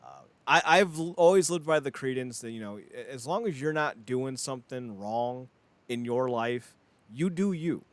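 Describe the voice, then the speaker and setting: A man co-hosting a podcast, talking in a loose, rambling way with lots of laughter. His pitch swoops up and down as he tells stories. The sound is dry and close, with no room echo. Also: animated, moderate pace. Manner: rambling, laughs often, acts out quotes in voices. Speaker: podcast co-host. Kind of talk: casual chat.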